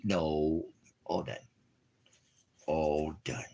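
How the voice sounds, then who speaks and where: A man's voice: a bass voice, a little slow, long pauses, breathy edge. A man on a casual live stream, talking to his puppy in rambling, playful, affectionate baby talk.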